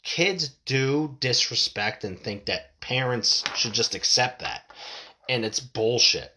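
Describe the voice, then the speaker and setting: A middle-aged man rants alone on his podcast, swearing freely and restarting his thoughts as he goes. His voice is bright and forward, with pitch that swings up and down constantly. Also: animated, takes it slowly. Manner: blunt, profane, rambling with restarts. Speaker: podcast host. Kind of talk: casual solo podcast rant.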